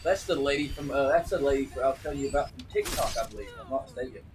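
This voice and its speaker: A man's voice: mid-range voice, lively intonation, quick pace. A man chatting casually on a live stream, rambling with frequent restarts and repeated words. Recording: distant mic with faint noise.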